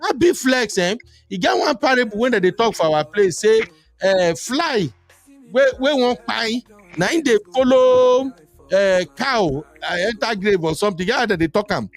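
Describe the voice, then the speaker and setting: A man with a Nigerian accent hosting a live chat show, animated and teasing, mixing Pidgin into English. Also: sits high, normal speed, faint music behind. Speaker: host.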